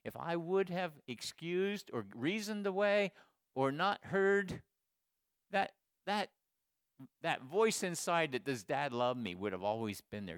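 A man in his sixties giving a sermon to men, swinging from loud exhortation to quiet storytelling. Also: on the high side, very animated, slow pace, clear, resonant tone, dry recording, studio quality. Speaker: speaker at a men's gathering.

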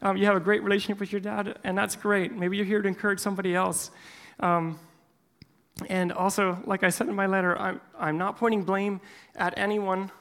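A man's voice: high-pitched, little pitch movement, fairly quick, fairly bright tone. Earnest man reading a heartfelt letter. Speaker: speaker at a men's church group. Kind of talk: reading a personal letter aloud, then addressing a group.

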